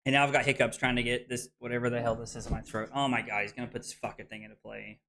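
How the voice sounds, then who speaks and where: A man's voice: mid-range voice, little pitch movement, very fast, creaky, a crowd in the background. A man casually commentating his own card game on a live stream, frustrated and swearing, with hiccups and something stuck in his throat.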